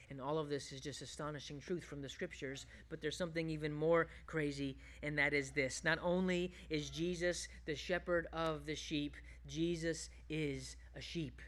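A man preaching a sermon as a pastor, shifting between loud, emphatic bursts and hushed, low passages. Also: fairly even intonation, normal speed, few pauses.

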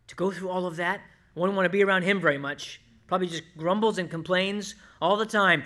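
Emphatic preacher man, high bright voice. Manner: emphatic, slows down to stress scripture, asides to the congregation. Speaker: pastor. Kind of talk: sermon.

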